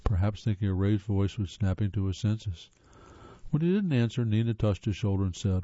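A man reading audiobook narration in a steady, measured way. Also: fairly low pitch, no room sound. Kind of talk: scripted narration. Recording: dull dry lo-fi audiobook.

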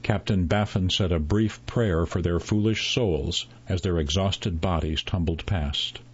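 A man reading a story aloud in a measured, unhurried narration, voicing the characters' dialogue. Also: low voice, slightly rough, muffled recording.

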